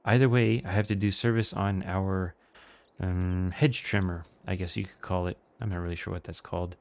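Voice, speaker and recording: A man giving casual gameplay commentary, thinking aloud in a relaxed way with small hesitations. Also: low voice, moderate pace, gravelly.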